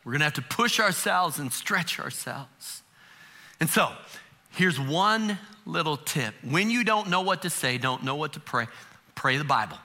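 A middle-aged male pastor delivers a sermon in a conversational, humorous way, often asking his listeners rhetorical questions. His voice is very bright and forceful, pitched somewhat higher than most men's. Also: lively intonation, unhurried.

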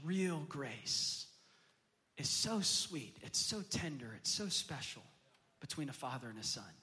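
A man with a high, bright voice preaches in a large hall, and his words ring out with a long reverb. He moves from quiet, conversational storytelling to loud, impassioned peaks. He is a pastor in his thirties, speaking to a congregation in a church sanctuary. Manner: acts out quoted voices of his kids in storytelling. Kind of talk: sermon.

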